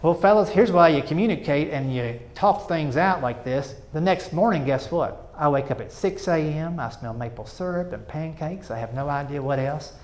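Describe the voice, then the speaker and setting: A man's voice: a little high, moderate pace, hardly any pauses. Chatty man telling stage stories. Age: middle-aged. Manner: animated, self-mocking, chatty asides to the audience. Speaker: stand-up comedian. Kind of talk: stand-up storytelling. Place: stage before a live audience.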